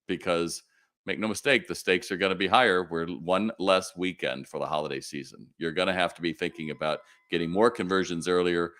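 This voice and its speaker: A man's voice: deep voice, brisk, fairly bright tone. A man hosting a live Q&A on retail, answering viewer questions in a direct, motivational way and acting out little quoted exchanges.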